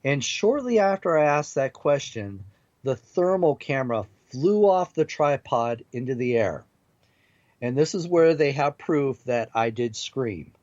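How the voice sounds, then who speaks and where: Animated man telling a story, dull dry audio. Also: medium pitch, unhurried, no room sound. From Seattle area. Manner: animated storyteller, laughs at himself. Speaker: guest paranormal investigator. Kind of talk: storytelling on a talk radio show. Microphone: remote call.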